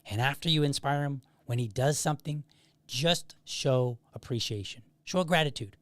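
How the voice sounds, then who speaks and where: A man hosting a podcast, giving a measured, reflective solo commentary. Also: mid-range voice, fairly bright tone, no echo, studio quality. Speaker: podcast host.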